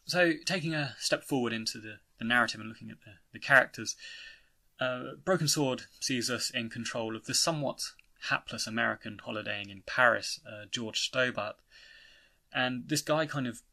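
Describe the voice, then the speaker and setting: This young British man, mid-range in pitch with vocal fry and a sharp tone, talks at a moderate pace. He gives a rambling, casual spoken review of a video game, full of fillers, restarts and frequent "you know"s.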